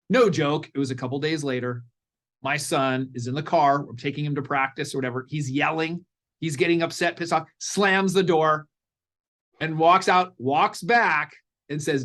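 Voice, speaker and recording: A middle-aged man, a parenting coach guest in a podcast interview, telling stories in an animated way and acting out what people said. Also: a little high, moderate pace. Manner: animated storyteller, acts out quotes.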